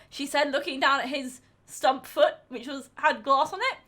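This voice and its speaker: A woman's voice: high-pitched, normal speed, a bit bright. A woman streamer narrating a story she improvises, hesitating and rambling as she thinks it up. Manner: hesitant, rambling, with many fillers.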